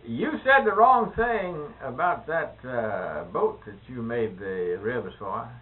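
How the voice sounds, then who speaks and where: A man's voice: mid-range voice, lively intonation, slow pace. A man in a casual interview, mostly giving short affirmations and asking questions. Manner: brief affirming replies, questioning. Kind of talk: conversational interview. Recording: tinny narrow-band old tape.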